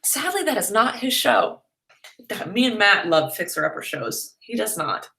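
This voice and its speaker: A woman's voice: medium pitch, huge pitch swings, normal speed, bright, forceful tone. A young woman vlogger chatting casually and playfully as she answers viewers' questions. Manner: chatty and playful, jokey asides. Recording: echoey room.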